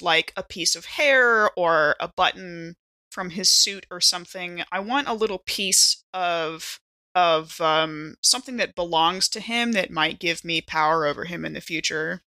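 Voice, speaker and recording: A woman playing a tabletop game, asking eager, quick questions. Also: lowish voice, sharp tone, no room sound. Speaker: player. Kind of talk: casual tabletop play.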